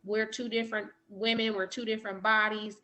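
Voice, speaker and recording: A woman doula speaking in a thoughtful, measured way in a roundtable, quoting others as she goes. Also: medium pitch, flat delivery, sharp tone. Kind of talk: roundtable discussion.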